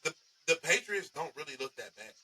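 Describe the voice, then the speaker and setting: A man's voice: on the high side, big pitch swings, fairly quick, sharp tone, slight background noise, low-quality recording. A man talking as a podcast guest, making slangy, boastful football trash talk. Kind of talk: casual sports podcast banter.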